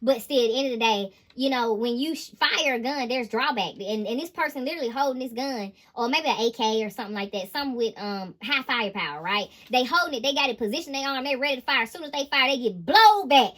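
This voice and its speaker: A woman reads tarot cards in an emphatic, slangy monologue. Her voice is bright and sharp. She talks with lively energy and laughs often. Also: a little high, quick pace, few pauses. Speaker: intuitive tarot reader.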